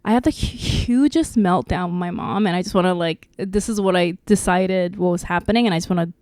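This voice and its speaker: A woman in her thirties hosting a podcast, telling a personal story candidly, with lively restarts. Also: fairly low pitch, a little fast, no room sound, studio quality. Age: 30s. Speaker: podcast host. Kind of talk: casual podcast chat.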